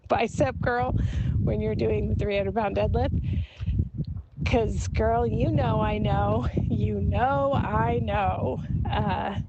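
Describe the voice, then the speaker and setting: A woman recording a casual, confessional voice memo to a friend, reflective and halting, with many fillers and soft laughs, into a phone. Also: medium pitch, highs cut off, noisy background. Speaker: author and guest in voice memo exchange.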